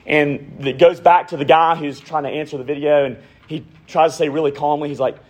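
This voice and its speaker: A man in his thirties, a pastor preaching a sermon, swinging from raised emphasis down to hushed, near-whispered lines. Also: fairly high pitch, steady tone, a little fast.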